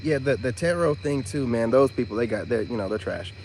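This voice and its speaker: A man's voice: mid-range voice, lively intonation, a little fast, darkish tone, a little hiss or hum. A man ranting indignantly in a casual monologue, repeating himself and firing rhetorical questions, with mocking asides. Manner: mocking imitations of others. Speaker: vlogger and self-styled spiritual teacher.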